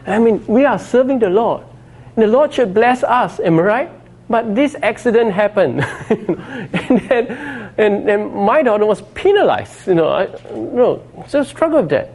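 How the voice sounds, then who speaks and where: Brief: middle-aged male pastor, casual sermon delivery, slightly high voice, keeps checking in with listeners. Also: animated, a little slow, a little mellow, slightly rough. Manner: conversational preaching, frequent 'you know' and 'okay'.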